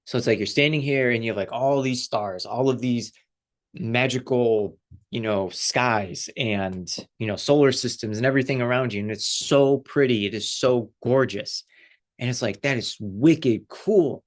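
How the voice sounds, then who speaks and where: A man, a life coach, giving a casual, animated spiritual talk with lots of fillers and frequent laughter. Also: mid-range voice, normal speed.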